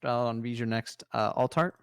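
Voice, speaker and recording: Young guy cohosting a card podcast, smooth clear voice, hyped, going down the card list. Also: mid-range voice, fast talker, dry recording, clean studio sound. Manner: enthusiastic, rattles off card lists. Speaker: podcast co-host presenting trading card news. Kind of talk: casual podcast chat.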